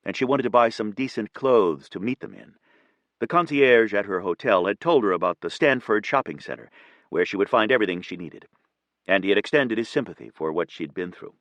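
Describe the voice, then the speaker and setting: Male narrator, audiobook reading, low pitch, dry, steady and even. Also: brisk, no room sound, lo-fi sound. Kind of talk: scripted narration.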